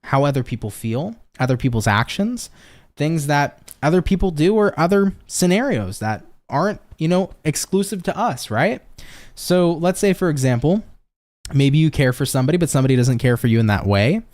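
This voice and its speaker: Upbeat American man, lively pitch. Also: moderate pace. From United States. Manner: upbeat, swears freely, pep-talk catchphrases; chats with viewers and reads their comments. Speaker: tarot reader hosting a live stream. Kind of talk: casual live-stream tarot reading.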